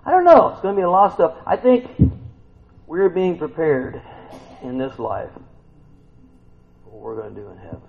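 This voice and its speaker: A male preacher with a lively, swooping delivery that drops to near-whispers and then leaps into loud, high cries. His voice sits a little high for a man. The recording is slightly muffled, with faint room noise underneath. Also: moderate pace, vocal fry, pauses often. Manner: swings from hushed to shouting bursts. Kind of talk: sermon.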